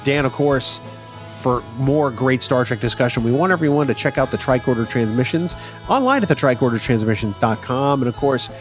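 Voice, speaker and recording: A man co-hosting a podcast in casual banter, teasing his partner and quick to laugh. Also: mid-range voice, animated, soft background music. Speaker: podcast co-host.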